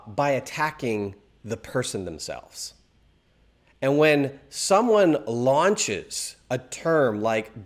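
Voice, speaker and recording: A man teaching a Christian video course, telling stories with an animated, emphatic delivery. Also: a little high. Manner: animated storytelling with emphatic stresses.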